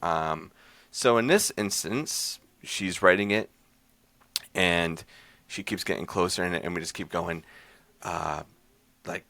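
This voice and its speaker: Gravelly low-voiced man recapping casually. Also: slow, pauses often, bright, forceful tone, no echo. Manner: rambling, loose, with many fillers and restarts. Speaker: podcast host reviewing horror short films. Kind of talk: casual chat, recapping a short film.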